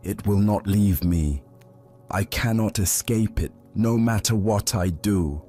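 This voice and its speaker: A man's voice: low-pitched, animated, normal speed, warm tone, faint music behind. A man voicing an earnest, anxious young male disciple in a spoken storybook. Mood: frustrated. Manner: earnest, frustrated cries.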